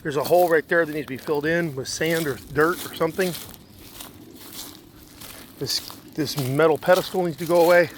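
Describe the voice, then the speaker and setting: A man's voice: fairly high pitch, steady tone, brisk, pauses often. A man walking around a house and yard, listing the repairs still to be done in a matter-of-fact way. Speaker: property manager doing a walkthrough. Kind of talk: casual spoken inspection notes. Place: outdoors around a house and yard, then indoors. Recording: faint background noise.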